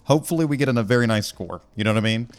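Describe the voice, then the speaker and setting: A man's voice: medium pitch, rapid-fire. A man commentating a cleanup game, rambling and joking with lots of fillers. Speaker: gaming YouTuber. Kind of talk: let's play commentary.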